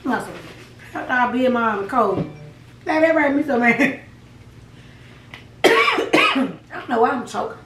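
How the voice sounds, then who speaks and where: A woman's voice: on the high side, huge pitch swings, takes it slowly, pauses often, fairly bright tone, far from the mic, faint music behind. Chatty woman vlogger, roomy and off-mic. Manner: chatty, laughing, folksy asides to viewers. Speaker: mukbang vlogger. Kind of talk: casual chat to camera while eating.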